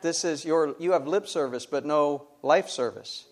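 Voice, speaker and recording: His voice a bit higher than typical for a man and darkish in tone, the middle-aged pastor delivers his sermon at a moderate pace. Rhetorical questions carry it, each answered by him with rising emphasis.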